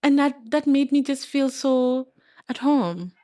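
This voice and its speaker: Woman, from Kenya, podcast guest, higher voice, animated storytelling, frequent laughter, dry close sound. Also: measured pace, no room sound. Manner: animated, laughing, acts out quoted dialogue. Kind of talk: casual storytelling chat.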